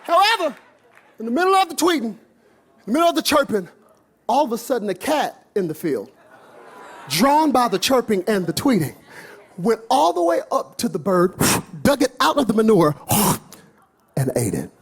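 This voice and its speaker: A husky-voiced man preaches to a congregation in a church, telling a story with great drama. His voice sits high for a man and leaps all over the place, dropping to hushed murmurs and then climbing to excited shouts. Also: normal speed, long pauses. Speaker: pastor. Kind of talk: sermon storytelling.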